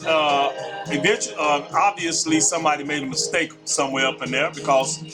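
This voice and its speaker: A man's voice: fairly high pitch, fairly even intonation, a little fast, rough recording. A man hosting a casual live call-in show, chatty and repetitive as he reads out the phone number. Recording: music playing behind.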